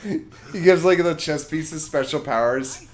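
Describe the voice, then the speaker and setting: A man's voice: a little high, measured pace. A man gaming with a friend, crude and grumbling, cursing at his bad shots. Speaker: let's play co-host. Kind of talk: casual gaming banter.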